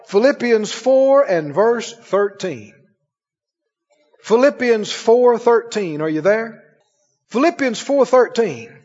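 Preaching slowly in an extremely high yet darkish voice, this animated pastor chuckles frequently and questions his congregation. The sound is lo-fi and muffled, echoing around a hall.

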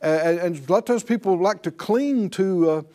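A middle-aged pastor teaching a faith class preaches in a chatty, folksy style. His voice is high-pitched and mellow, at normal speed, and he laughs often and acts out the people he quotes.

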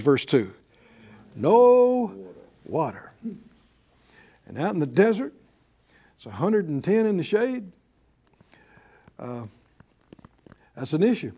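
A man with a fairly high, slightly mellow voice preaches a sermon, emphatic and repetitive, guiding his congregation through spoken affirmations. He is a preacher and Bible teacher, and the talk takes a call-and-response form.

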